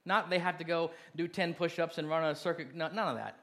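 A male pastor preaching a sermon, steady and direct, building from quiet reflection to loud calls to the congregation. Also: on the high side, fairly quick.

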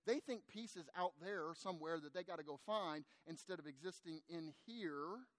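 This middle-aged male pastor delivers his sermon conversationally and with animation, addressing the people in front of him directly. His pitch is fairly high, his speed normal, and there is no room sound.

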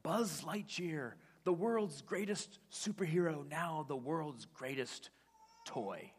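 A man acting out a male TV commercial announcer with a slow, drawn-out delivery. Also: on the high side, lively intonation, slightly rough, pitched above the performer's own voice, full character voice. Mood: grand.

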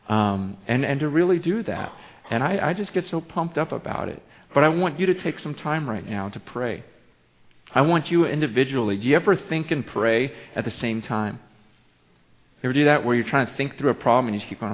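A fired-up male pastor preaches with a fairly high voice, often stumbling and restarting as the excitement builds. The sound is thin and phone-like, with a long echo hanging in a church hall. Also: fairly quick. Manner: animated, excitable, with frequent stammered restarts. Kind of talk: sermon. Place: church sanctuary.

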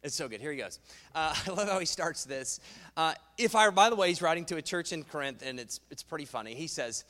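A man preaching a sermon as pastor in a church, animated and playful, cracking jokes and asides. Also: fairly high pitch, a little fast. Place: church sanctuary. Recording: long reverb in a large hall.

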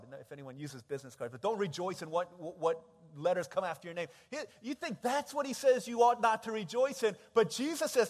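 A man preaching a sermon, telling stories in an animated way and acting out voices, swinging from hushed to loud. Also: sits high, brisk, hardly any pauses, in a large hall. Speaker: pastor.

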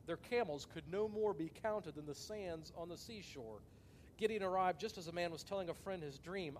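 A man preaching a sermon, telling the story with lively acted-out quotes and big swings between loud and soft. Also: sits high, normal speed, slight background noise. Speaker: pastor.

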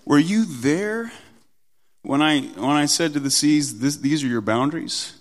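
A man's voice: on the high side, expressive, in a large hall, voice pushed up. A man voicing God, stern and commanding. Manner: raised, emphatic, slow questions. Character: commanding almighty male God, questioning sternly.

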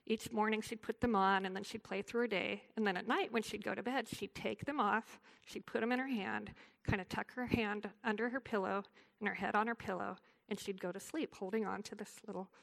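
A woman leads a devotional talk for a women's group, telling a story earnestly and then praying. Her voice sits at a middling pitch with a noticeable gravelly fry. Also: fairly bright tone. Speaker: women's ministry speaker.

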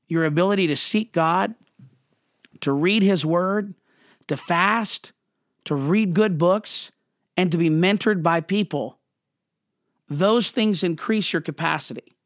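Brief: earnest pastor teaching a sermon, high voice, dry close mic. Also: male voice, slow, pauses often, no room sound. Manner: earnest and direct, with humor.

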